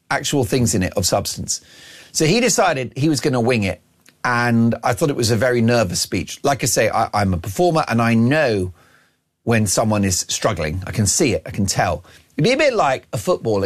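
A man hosting a radio show, delivering a brash, mocking opinion monologue full of self-aggrandizing banter. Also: medium pitch. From Ireland.

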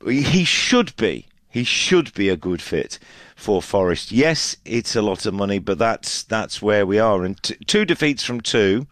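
A male football reporter chatting through the results on air. His voice sits a little low and sounds dry and close. He rambles with many fillers and restarts. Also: very animated, a little slow, a bit bright, no room sound. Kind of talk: casual match analysis on radio.

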